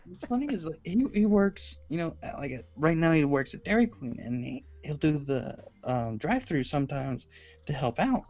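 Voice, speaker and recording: A woman's voice: low voice, animated, normal speed, darkish tone, muffled recording. A woman, a podcast guest, telling stories about her boyfriend in a chatty, giggly way. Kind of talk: casual podcast chat.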